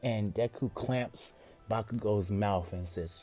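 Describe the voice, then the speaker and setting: A man's voice: on the low side, normal speed, warm tone, faint music behind. A man casually narrating an improvised fan story, rambling and often correcting himself as he goes.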